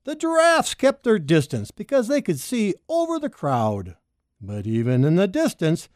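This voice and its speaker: A woman reading a rhyming children's story aloud, expressive and sing-song. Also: moderate pace, dry recording, studio quality. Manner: expressive, sing-song, big pitch leaps. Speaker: storybook reader.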